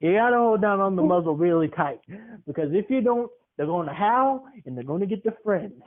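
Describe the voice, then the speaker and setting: A gritty old grandma hosts a wildlife show, giving tips in a folksy, instructive way, as a man puts her on. The voice sits high. The recording is thin and phone-like. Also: lively intonation, a little fast. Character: tough older grandmother hosting a wildlife show. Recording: tinny phone-like sound.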